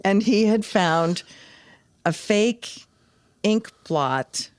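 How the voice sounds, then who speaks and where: A woman's voice: mid-range voice, extremely slow, clean tone, no echo. An older woman, a podcast guest, telling stories in casual conversation and acting out the people she quotes. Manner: animated storyteller, acts out quoted voices.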